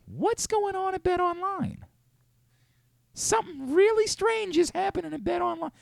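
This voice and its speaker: Man doing a baffled reporter voice, very high and airy, lively swoops. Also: moderate pace, gravelly, no room sound, clean studio sound, heavily acted. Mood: puzzled. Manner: exaggerated high-pitched puzzlement. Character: male NBA reporter impression, puzzled, high squeaky.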